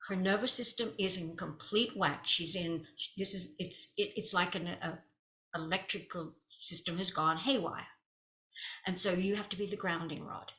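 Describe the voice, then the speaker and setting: Woman healer, crisp bright tone, animated storyteller, echoey room. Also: medium pitch, measured pace. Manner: animated, drops to whispers at intense moments; acts out quoted dialogue. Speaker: spiritual healer. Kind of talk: personal storytelling to camera.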